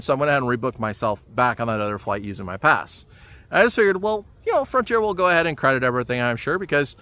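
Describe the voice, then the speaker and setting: A man telling a travel story in a casual vlog, animated and exasperated, with many fillers. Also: mid-range voice, dry recording. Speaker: travel vlogger.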